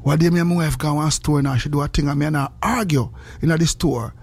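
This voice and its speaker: A man with a Jamaican accent hosting morning radio, telling animated stories in patois. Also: a little high, quick pace, creaky, husky. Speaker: radio host.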